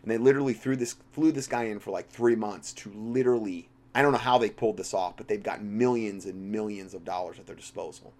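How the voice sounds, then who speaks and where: A man's voice: on the low side, quick pace, few pauses. A man hosting a talk show, giving an impassioned, rambling commentary full of restarts. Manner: impassioned, rambling, with frequent restarts and big swings in loudness. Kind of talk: religious political commentary monologue.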